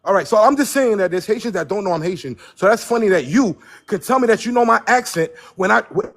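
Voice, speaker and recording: A man's voice: high-pitched, expressive, fast talker, fairly bright tone. A man from Brooklyn, defensive in a heated debate, who often talks over the others. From Brooklyn, New York. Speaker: debate guest.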